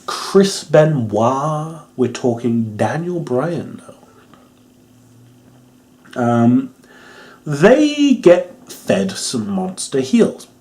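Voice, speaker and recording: A man's voice: medium pitch, big pitch swings, very slow, long pauses, a little mellow. A young man giving a casual, rambling wrestling review, amused and swearing, with lots of ums.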